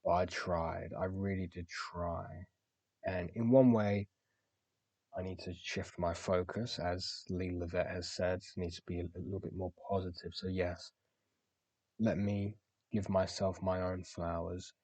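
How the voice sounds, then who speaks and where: A young man talking candidly about his week in a self-reflective diary-style monologue, pausing on his words now and then. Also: deep voice, flat delivery, darkish tone, no echo. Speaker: podcast host.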